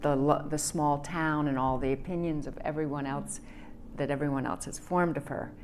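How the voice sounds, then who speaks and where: A woman's voice: sits low, fairly even intonation, normal speed, a little mellow, slight background noise. A woman guest author describing her novel in a thoughtful, slightly hesitant way. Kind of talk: panel discussion.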